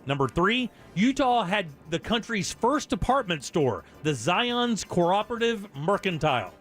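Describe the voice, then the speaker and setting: Upbeat high-voiced male radio host. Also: sing-song, measured pace, a bit bright, soft background music. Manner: jokey, upbeat quiz-giving patter. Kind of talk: casual radio chat with callers.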